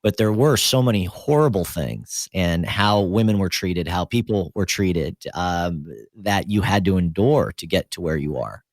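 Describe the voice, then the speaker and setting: A man's voice: deep voice, expressive, a little slow, few pauses, no room sound, studio quality. A man hosting a podcast interview, speaking reflectively and appreciatively to his guest. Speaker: podcast host. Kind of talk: casual interview chat.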